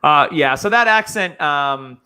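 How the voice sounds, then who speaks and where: New england dude hosting a podcast, bright kinda high voice, laid back, laughs along. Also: male voice, lively intonation, a little slow, clear, resonant tone. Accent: slight New England. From New Hampshire. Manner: easygoing, laughs along, analytical. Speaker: podcast host. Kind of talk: casual podcast chat.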